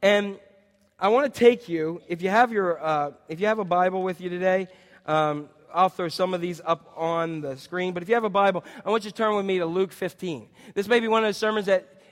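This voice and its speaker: High-voiced animated male preacher. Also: in a large hall. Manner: animated, conversational, acts out quoted voices. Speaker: pastor. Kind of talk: sermon. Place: church sanctuary.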